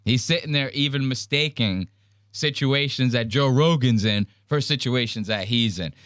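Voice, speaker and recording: A man hosting a casual commentary podcast, ranting loudly and mocking with a lot of profanity. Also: medium pitch, moderate pace, dry recording, clean studio sound. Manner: loud, profane, mocking rants. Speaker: podcast host.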